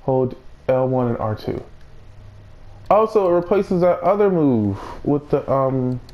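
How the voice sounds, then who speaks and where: A man playing a video game, talking to himself, swearing often and reacting loudly to the action. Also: mid-range voice, unhurried, muffled recording. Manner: excitable, swears a lot, talks to himself. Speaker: let's play gamer. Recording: noisy recording.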